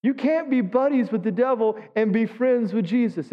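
A male pastor with a very high-pitched voice preaches at a moderate pace in a church sanctuary. His sermon is conversational, and he puts questions to the congregation. The recording is dull and lo-fi, with long hall reverb.

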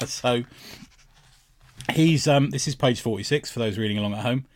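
A man's voice: mid-range voice, dry recording. Dry-sounding man laughing through chat. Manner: laughs often, retells scenes with quick quoted lines. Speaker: podcast co-host. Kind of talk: casual chat about a comic book.

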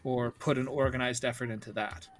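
A man narrating as game master in a calm, questioning way, with frequent fillers. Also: medium pitch, a little fast, a little hiss or hum.

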